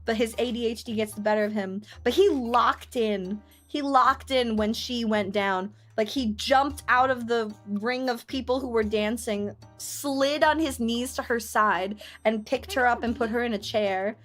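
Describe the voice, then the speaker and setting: A young woman streamer chatting casually, telling family stories with playful, loud acted-out quotes. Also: fairly high pitch, a little slow, few pauses, soft background music. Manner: chatty storytelling, playful, acts out quotes loudly. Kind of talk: casual chat.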